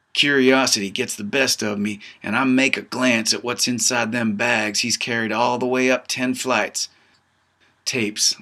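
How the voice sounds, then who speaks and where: A man's voice: medium pitch, bright, forceful tone. A man reading his own novel aloud in first person, with a folksy drawling dialect and a tough-guy storyteller manner. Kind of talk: first-person audiobook narration.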